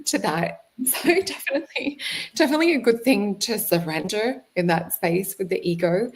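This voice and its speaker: A woman hosting an interview, relating to her guest's story and asking reflective questions. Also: lowish voice. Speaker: host. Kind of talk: casual interview chat.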